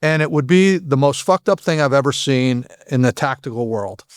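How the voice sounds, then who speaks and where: This ex-FBI agent speaks at medium pitch with lively intonation and a clean tone, in a dry, studio-quality recording. As a podcast guest he shares frank stories haltingly, frequently starting sentences over.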